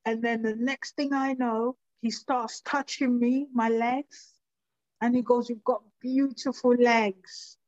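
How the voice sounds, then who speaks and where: A woman giving halting, emotional personal testimony in an interview. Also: a little high, fairly even intonation, darkish tone, no echo, dull audio. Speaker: interview guest.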